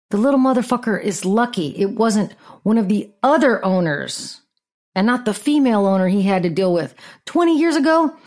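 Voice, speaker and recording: A middle-aged woman hosting a podcast, telling a story in a blunt, sarcastic, profane rant. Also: medium pitch. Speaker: podcast host.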